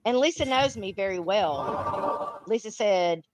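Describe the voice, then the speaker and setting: A woman's voice: mid-range voice, expressive, unhurried, slight background noise, rough recording. A middle-aged woman, hosting a live stream in blunt, profane, emphatic casual chat.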